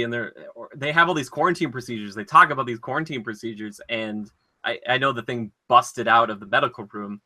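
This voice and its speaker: Man, podcast co-host, casual chat, very bright tone, animated, rambling, filler-heavy. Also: medium pitch, husky.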